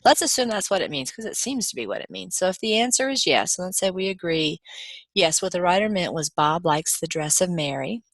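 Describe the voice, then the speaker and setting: A woman lecturer walks through grammar examples in a patient, explanatory way, now and then restarting a phrase. Her voice sits on the low side. The recording is dry, with no room echo. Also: expressive, brisk.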